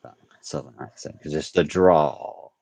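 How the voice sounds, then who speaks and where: A man's voice: rumbling low, measured pace, vocal fry, a little mellow, no room sound. A British man co-hosting a poetry livestream, teasing dryly and chuckling often. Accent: British English. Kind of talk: casual chat.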